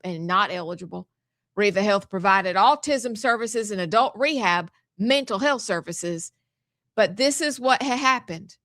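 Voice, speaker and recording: A woman's voice: mid-range voice, a bit bright, no room sound, studio quality. A woman with a Southern US accent co-hosting a casual talk show, joking and telling stories in a folksy drawl. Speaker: co-host.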